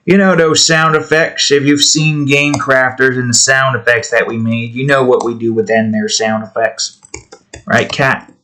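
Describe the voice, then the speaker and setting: A man's voice: medium pitch, steady tone, normal speed, bright, forceful tone. A man hosting his own art channel, chatting casually while he draws, rambling and trailing off. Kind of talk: casual talk while drawing.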